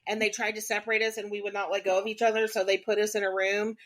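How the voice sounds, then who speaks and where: A woman co-hosting a podcast who tells slow, deadpan anecdotes in casual chat. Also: medium pitch. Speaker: podcast co-host.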